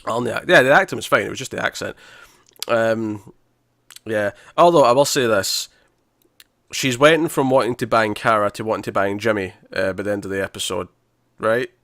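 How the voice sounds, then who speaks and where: A man's voice: lowish voice, normal speed, a bit bright, no echo, clean studio sound. A man co-hosting a podcast in casual chat, rambling with lots of restarts and frequent laughs. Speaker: podcast co-host.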